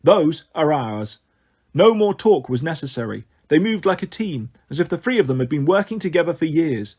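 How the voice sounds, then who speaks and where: A man narrating an adventure novel in a measured, expressive reading voice. His voice sits a little high for a man. He paces the action steadily. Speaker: audiobook narrator. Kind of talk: storytelling narration.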